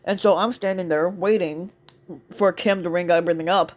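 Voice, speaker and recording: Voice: mid-range voice, steady tone, normal speed. Rambling, profane storytime talker. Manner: rambling, with many fillers, restarts and profanity. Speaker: store cart attendant telling a work story. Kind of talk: casual storytime monologue.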